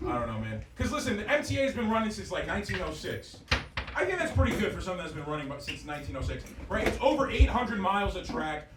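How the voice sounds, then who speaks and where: High, lively man doing crude stand-up. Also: very noisy. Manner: crude, rambling, self-mocking. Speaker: stand-up comedian. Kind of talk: stand-up comedy set. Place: comedy club stage. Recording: roomy club sound from far off with crowd laughter.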